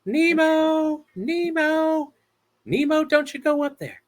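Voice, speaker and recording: A man's voice: expressive, slow, heavily acted. Man doing a frantic cartoon clownfish dad. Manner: frantic, pleading, high-pitched. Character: anxious fretting male clownfish father, cartoon.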